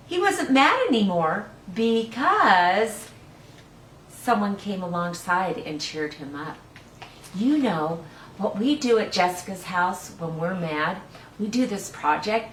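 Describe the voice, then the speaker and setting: A woman hosting a children's storytime, who talks straight to the kids in a gentle, coaxing way and keeps asking them questions. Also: medium pitch, animated, slow, recorded from a distance, slight background noise. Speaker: storytime host reading to young children. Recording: echoey room, voice from off the mic.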